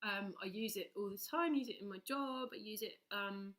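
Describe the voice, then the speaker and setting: A spoken-word poet, a woman, chatting softly and hesitantly with many pauses before reading a poem. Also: mid-range voice. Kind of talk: casual chat introducing a poem.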